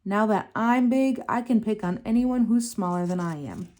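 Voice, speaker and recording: A woman's voice: medium pitch, normal speed, darkish tone, close to an everyday voice. A woman doing a grumpy bullying crab. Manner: shrieking, jeering. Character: grumpy little crab turned bullying monster.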